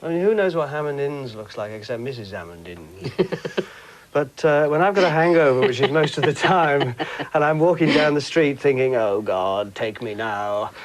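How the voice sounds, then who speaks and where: A man from England telling comic anecdotes in an interview, camp and giggly, jumping into squeaky high voices for quotes. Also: lively intonation, normal speed, low-quality recording. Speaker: interviewee, comedian and broadcaster.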